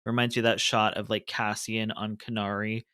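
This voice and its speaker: A man's voice: fairly low pitch, little pitch movement, moderate pace, pushed and bright, clear, resonant tone, no echo, studio quality. A man co-hosting a podcast in casual chat. He is eager and detail-focused, and he swears casually. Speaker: podcast co-host.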